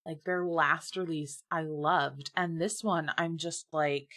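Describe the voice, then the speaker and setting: A woman co-hosting a casual podcast, speaking in a fairly low voice. She is blunt and swears freely. She often works herself up into animated, emphatic rants. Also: takes it slowly, hardly any pauses. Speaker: podcast co-host. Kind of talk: casual chat.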